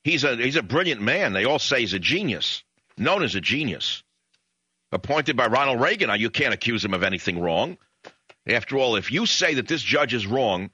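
A man's voice: mid-range voice, sing-song, brisk, pushed and bright, slightly rough, no echo, highs cut off. A man hosting a talk radio show, delivering a combative monologue in bombastic bursts. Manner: bombastic, rising to emphatic peaks.

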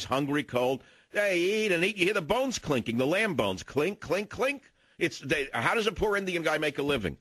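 An older male talk radio host in full rant, spinning grievances into long indignant stories. His voice sits at an ordinary middle pitch, recorded close and dry with no room sound. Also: fairly bright tone, dry recording. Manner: ranting, indignant storytelling.

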